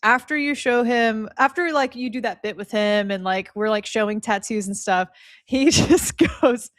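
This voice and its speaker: Casting note: female podcast co-host with a slightly high voice, wry, mock-exasperated, dry close recording. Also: moderate pace, no room sound. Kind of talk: casual storytelling chat.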